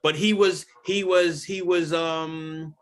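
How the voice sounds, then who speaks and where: A man's voice: fairly high pitch, fairly even intonation, slow. A man co-hosting a casual group chat, telling stories animatedly with hesitant fillers. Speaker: co-host.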